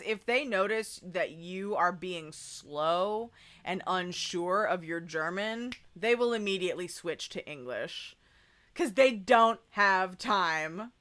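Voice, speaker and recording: A woman's voice: medium pitch, pushed and bright. A young woman chatting casually in a travel vlog voice-over, rambling with lots of fillers. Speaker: vlogger.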